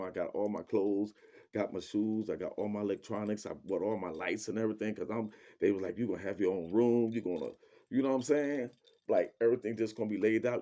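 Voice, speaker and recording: A man's voice: on the low side, mellow. Slangy man telling a rambling story. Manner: rambling, repeats fillers, slangy, quotes people as he goes. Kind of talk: casual spoken storytelling.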